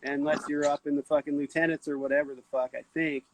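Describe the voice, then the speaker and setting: A man's voice: fairly high pitch, quick pace, slight background noise, poor audio. A man in casual chat, telling stories bluntly with constant swearing. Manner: profane, blunt, animated storyteller. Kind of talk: casual storytelling.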